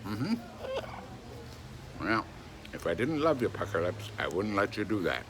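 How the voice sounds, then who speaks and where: A man coos at his pet parrot in a gentle, sing-song manner, his pitch swooping wildly up and down. His voice is gravelly and unhurried. Clear background noise runs under the recording. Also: very animated. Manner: coaxing, sing-song pet talk with playful questions. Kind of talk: affectionate talk to a pet bird.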